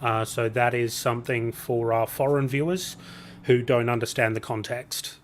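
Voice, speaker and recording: Calm, flat-voiced man. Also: medium pitch, normal speed, a little hiss or hum. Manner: calm, explanatory, hesitant fillers. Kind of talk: casual explaining on a livestream.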